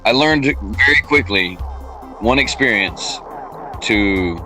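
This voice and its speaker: Animated, bright-voiced storytelling man. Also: medium pitch, slow, soft background music, low-quality recording. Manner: animated, swearing, acts out quoted voices. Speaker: podcast co-host. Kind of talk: casual storytelling chat.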